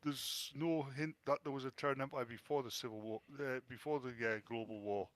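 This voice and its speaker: A man's voice: mid-range voice, fairly even intonation, a little fast. A man in casual podcast chat, opinionated and rambling, often restarting his sentences. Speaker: podcast co-host.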